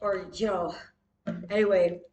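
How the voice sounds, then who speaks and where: A woman doing a rambling comic improv monologue, silly and swearing, with deadpan asides and quick self-corrections. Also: mid-range voice. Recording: roomy echo.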